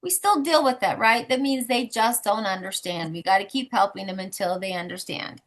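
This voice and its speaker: A woman's voice: medium pitch, fairly even intonation, moderate pace, a bit bright. A woman leading a sales team on a motivational call, talking bluntly and emphatically, often laughing.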